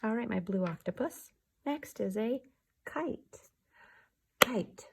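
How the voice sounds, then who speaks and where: A young woman teaching a remote class for young children, slow, soft and patient, often dropping to a whisper. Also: on the high side, expressive, creaky, slightly rough.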